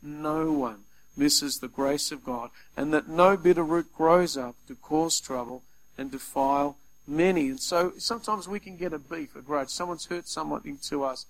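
A man preaching a sermon, lively, acting out little scenes as he talks. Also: on the high side, moderate pace, vocal fry, poor audio. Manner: animated, acts out little scenes in quoted voices.

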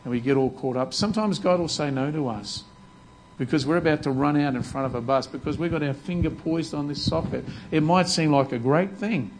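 A man's voice: on the high side, brisk, slight background noise, rough recording. A man preaching a sermon earnestly, often repeating words as he restarts his sentences. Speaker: pastor.

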